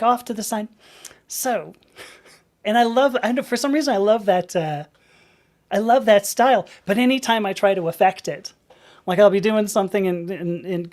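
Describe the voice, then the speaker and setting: A woman's voice: mid-range voice, a little mellow. A middle-aged woman from the American South hosting a casual live stream, rambling, laughing at herself and reading out viewers' chat. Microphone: webcam.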